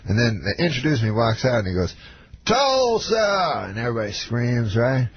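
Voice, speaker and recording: A man from Canada, a comedian guest, telling a long story in a deadpan, halting way with plenty of fillers. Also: mid-range voice, husky, no room sound, muffled recording. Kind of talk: rambling storytelling.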